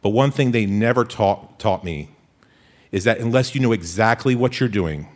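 Animated man telling a comic story. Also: lowish voice, moderate pace. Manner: animated, playful comic delivery.

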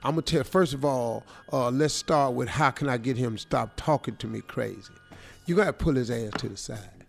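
A man hosting a radio morning show, giving comic advice in a joking, slangy, animated way. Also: mid-range voice, normal speed, creaky, faint music behind. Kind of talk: comic advice talk, role-playing a letter writer.

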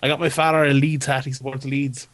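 A man's voice: medium pitch, level tone, fast, fairly bright tone, no room sound. A man co-hosting a podcast over a remote call, chatting casually and often stammering as he restarts. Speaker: podcast co-host. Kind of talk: casual chat. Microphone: remote call with a shaky internet connection.

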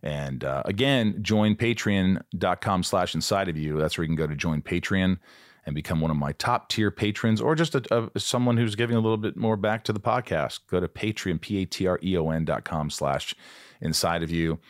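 A man in his fifties hosting a podcast, chatting casually and excitably with his guest. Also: low voice, normal speed, no room sound, studio quality. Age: 50s. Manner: chatty and excitable, jumps in with questions. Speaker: podcast host. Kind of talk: casual interview chat.

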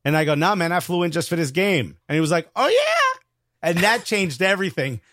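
A man with a New York accent, a comedian co-hosting a podcast and telling an excited, slangy story in casual chat. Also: fairly high pitch, a little fast.

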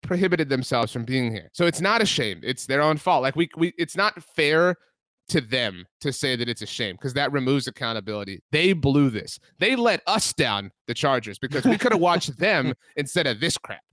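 A man co-hosting a sports podcast, arguing his points in an animated, ranting way and filling his talk with "like". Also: medium pitch, moderate pace, dry recording. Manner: animated, ranting, heavy use of "like". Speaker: podcast co-host. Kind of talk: casual sports debate.

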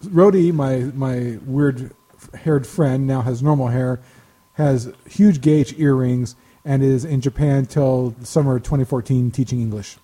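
A man's voice: mid-range voice, fairly even intonation, measured pace, mellow. A man telling rambling anecdotes on a casual podcast, chuckling now and then. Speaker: podcast co-host. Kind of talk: casual storytelling chat.

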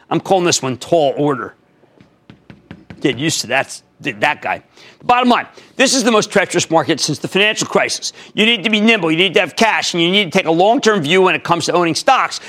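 A man in his sixties hosting a stock market show, delivering commentary and answering callers in an emphatic way, dropping from loud to hushed. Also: on the high side. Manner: emphatic, rapid shifts between loud and hushed.

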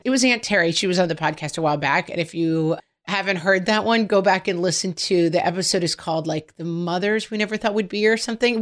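A middle-aged woman co-hosting a podcast in casual, animated chat and storytelling. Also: fairly low pitch. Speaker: podcast co-host.

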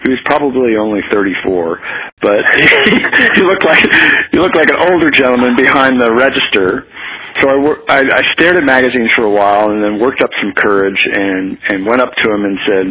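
Lively, frank American man. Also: lowish voice, normal speed, breathy edge, rough recording. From United States. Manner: frank, animated, laughs often. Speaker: guest, activist. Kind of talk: candid storytelling in conversation.

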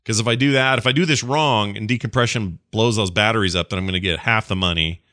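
Bright-voiced enthusiastic man on a podcast. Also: fairly low pitch, no room sound, clean studio sound. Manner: enthusiastic, rambling, quick asides. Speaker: podcast co-host. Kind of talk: casual podcast chat.

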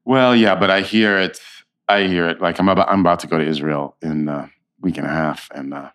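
A man in his fifties, an actor, chatting as an interview guest and telling animated stories. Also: sits low, fairly quick. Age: 50s. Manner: animated storyteller, acts out quotes. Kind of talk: casual interview chat.

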